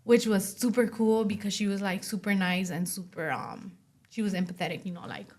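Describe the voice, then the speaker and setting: A woman's voice: mid-range voice, brisk, darkish tone. Chatty young woman telling her story. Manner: chatty, fills speech with "like", acts out quoted dialogue. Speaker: podcast guest. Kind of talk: casual interview storytelling.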